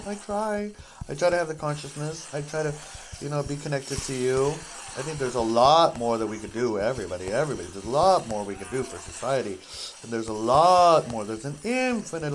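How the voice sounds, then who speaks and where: A man's voice: mid-range voice, noisy background. A man casually chatting while playing a game, rambling between topics with jokey, apologetic asides. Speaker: gaming video host.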